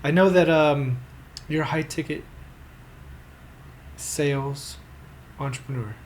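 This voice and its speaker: A man's voice: on the high side, takes it slowly, slight background noise. A man hosting a podcast, chatting casually and enthusiastically, asking rambling questions. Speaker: podcast host. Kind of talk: casual interview chat.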